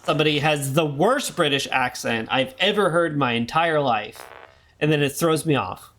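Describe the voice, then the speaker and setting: A man's voice: a little high, expressive, normal speed, a bit bright. A man streaming a game, talking in rambling casual commentary full of jokey asides. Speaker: gaming streamer.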